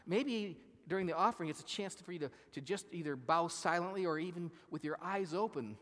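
A man preaches in a relaxed, talky way, turning to his listeners with questions as he goes. His voice sits a little higher than most men's. Everything rings with the long reverb of a big church hall. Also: fairly quick. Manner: conversational, asks the congregation questions. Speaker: pastor. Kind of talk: sermon. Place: church sanctuary.

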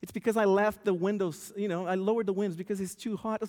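A man voicing a calm, unbothered church elder in a lowered, easygoing voice. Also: fast, natural voice. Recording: long church hall reverb.

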